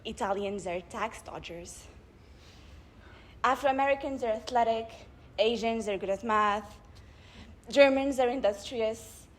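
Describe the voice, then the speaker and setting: A young woman delivering a public speech at a debate club event, building her points with rhetorical questions and measured emphasis. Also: fairly high pitch. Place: live event before an audience.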